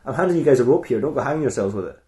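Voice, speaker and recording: A man voicing a gruff middle-aged male FBI boss, delivering the lines dryly in his own voice. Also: medium pitch, lively intonation, very fast, dark tone, natural voice. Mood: stern. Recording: roomy echo.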